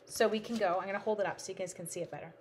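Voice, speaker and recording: A woman's voice: medium pitch, fairly even intonation, very fast, a little hiss or hum. A woman from Canada hosting a live card-making stream, chatting playfully with viewers and talking to her supplies. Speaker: live-stream crafting host.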